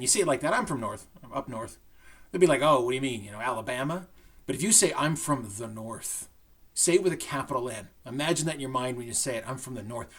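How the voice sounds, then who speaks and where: A middle-aged man, a high school English teacher giving a recorded lesson to his students in a conversational way, often checking in with "right?". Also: husky. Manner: conversational, with frequent "right?" check-ins and restarts.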